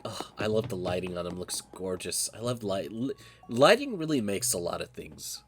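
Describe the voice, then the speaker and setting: Excitable, swearing game streamer. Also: sits low, moderate pace. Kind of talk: casual gameplay commentary. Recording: background hiss.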